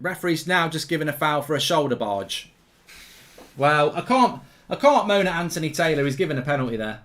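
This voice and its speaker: A middle-aged man hosting a live football watchalong, ranting excitably and repeating himself as the match unfolds. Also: fairly high pitch, fairly quick.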